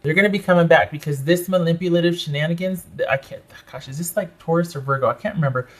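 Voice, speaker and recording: Male tarot reader, slightly raised pitch, emphatic and protective, repeats key phrases. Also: fast talker, fairly bright tone. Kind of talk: tarot reading to camera.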